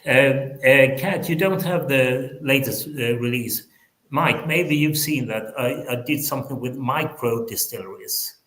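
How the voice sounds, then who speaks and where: A man's voice: medium pitch, measured pace, fairly bright tone. Hesitant man with a background, echoey. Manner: hesitant, repeats words, enthusiastic. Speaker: whisky book author, guest. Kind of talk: casual online chat.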